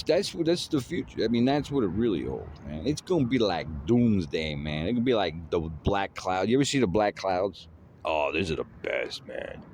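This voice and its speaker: A man's voice: deep voice, a little mellow, slight background noise. A man rambling in a casual monologue, drawling with lots of fillers like "you know" and "man".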